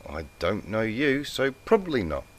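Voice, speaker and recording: A man's voice: lowish voice, wildly swooping pitch, normal speed, voice pushed up. A man voicing an irritated young pegasus stallion who mutters dry, sarcastic remarks. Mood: annoyed.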